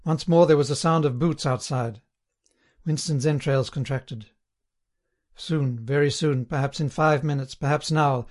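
A man with a fairly high-pitched voice narrates a novel as an audiobook reader. His scripted storytelling is measured and even.

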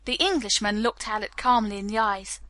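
A woman narrating a novel with a steady storytelling delivery. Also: mid-range voice, moderate pace, no echo. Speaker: audiobook narrator. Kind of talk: scripted narration.

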